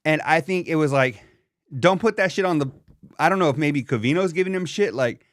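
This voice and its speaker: A man's voice: mid-range voice, normal speed, dry recording, studio quality. A young man co-hosting a podcast, telling a rambling, profane story in casual chat, full of fillers and asides. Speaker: podcast co-host.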